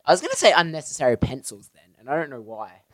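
A man's voice: a little high, wildly swooping pitch, quick pace, fairly bright tone, slightly rough, no echo. A young man co-hosting a casual podcast chat, rambling through silly jokes and laughing often. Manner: rambling, jokey, giggly. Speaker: podcast co-host. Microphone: podcast microphone.

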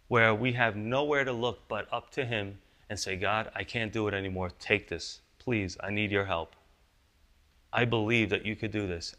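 A man's voice: medium pitch, sharp tone. A male pastor giving a conversational sermon, often asking the congregation rhetorical questions.

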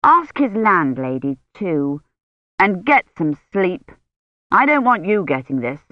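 An audiobook reader voicing a brisk, commanding woman doctor, in a dull, dry recording. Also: medium pitch, sing-song, dry recording.

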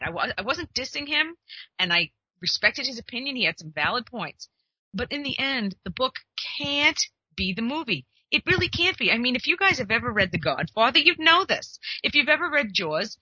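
Bright, husky-voiced woman talking shop. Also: mid-range voice, no echo, lo-fi sound. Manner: chatty, emphatic, acts out quoted conversations. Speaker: literary agent and podcast host. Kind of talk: casual advice monologue.

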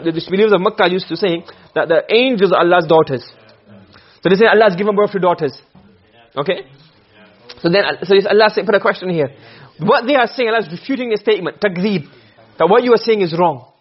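A man's voice: high voice, slightly rough, dull audio. A man teaching a class, lecturing and explaining points by asking his students questions. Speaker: Arabic rhetoric teacher.

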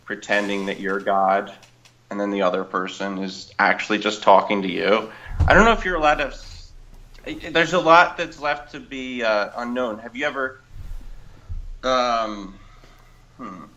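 A man's voice: on the low side, unhurried, sharp tone, slight background noise. A man co-hosting a podcast in casual chat, hesitant and playful, often asking questions. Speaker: podcast co-host. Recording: dull, muffled sound.

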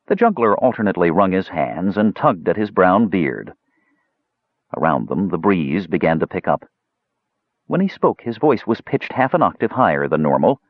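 A man narrating a fantasy audiobook in an animated, expressive reading. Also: low voice, normal speed, husky, no room sound. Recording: dull dry lo-fi recording.

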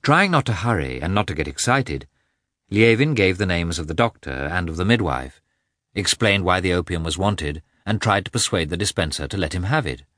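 Deep-voiced male audiobook narrator. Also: expressive, moderate pace, a bit bright, dry recording, studio quality. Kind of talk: scripted literary narration.

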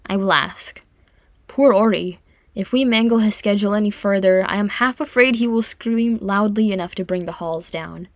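A woman reading a fond, teasing older female dwarf, with a gentle, amused manner. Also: mid-range voice, moderate pace, no echo, studio quality, lightly acted. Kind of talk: audiobook fan fiction reading.

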